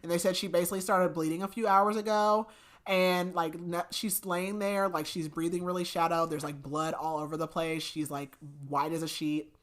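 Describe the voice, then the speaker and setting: Steady in tone, lowish in pitch and moderate in pace, this woman co-hosts a podcast. She's chatting through a book recap, retelling the story with lots of filler words.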